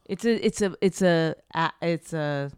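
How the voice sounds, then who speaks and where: A woman's voice: low-pitched, measured pace, a little mellow, smooth, dry recording, clean studio sound. A woman co-hosting a casual chat, blunt, profane and combative. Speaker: podcast co-host.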